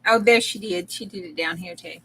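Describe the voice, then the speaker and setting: A woman's voice: fairly low pitch, a little fast, fairly bright tone, slightly rough. A woman hosting a casual crafting live stream, effusive and chatty, laughing often and close to tears.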